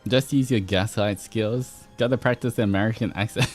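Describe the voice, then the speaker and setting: Australian man, streamer, casual chat, laughs a lot, fairly low voice. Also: brisk, soft background music. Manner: laughs often, rambling and playful.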